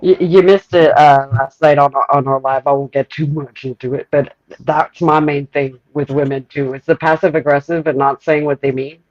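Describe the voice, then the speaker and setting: A man's voice: on the high side, fairly even intonation, normal speed, hardly any pauses, no room sound. A man from Canada with a Quebec accent, chatting casually and candidly. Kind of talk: casual chat. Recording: dry, dull lo-fi sound.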